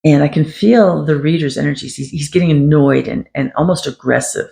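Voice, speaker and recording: A woman hosting a paranormal podcast, telling a personal story in a conversational monologue, quoting others and clearing her throat now and then. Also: low-pitched, brisk, dark tone. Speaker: psychic podcast host.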